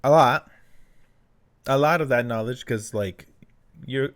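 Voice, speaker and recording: A man co-hosting a podcast as a new father, talking in a casual, halting way, with plenty of fillers, a few Spanish words, and his own past thoughts acted out. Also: medium pitch. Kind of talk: casual chat.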